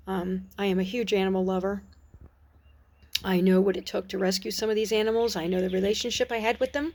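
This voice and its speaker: A middle-aged woman talking earnestly and reflectively about her faith in a personal vlog, pausing and restarting her sentences, outdoors on a porch. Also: medium pitch, fairly even intonation, a little mellow, a little hiss or hum. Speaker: Christian vlogger. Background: birds and dogs outside.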